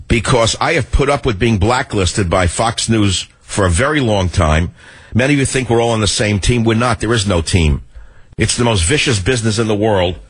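A man's voice: mid-range voice, fairly bright tone, breathy edge. A male radio talk show host delivering a combative, sarcastic monologue.

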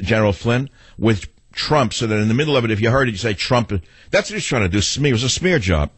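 Man, talk radio host, middle-aged, husky, very lively pitch, sardonic, argumentative, rambling. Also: dry recording. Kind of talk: talk radio monologue and caller exchange.

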